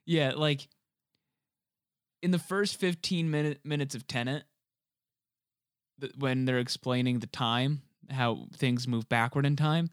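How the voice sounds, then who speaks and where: A young man chatting casually about a movie, animated and joking, swearing freely. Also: medium pitch, smooth, dry recording, studio quality. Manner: animated, swears freely, quick jokey asides.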